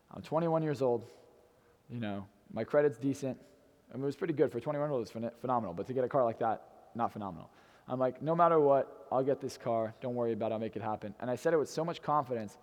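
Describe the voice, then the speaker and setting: A man's voice: mid-range voice, darkish tone, in a large hall. A young man in his twenties telling a brash, swearing personal story to an audience in a hotel event room. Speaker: motivational speaker.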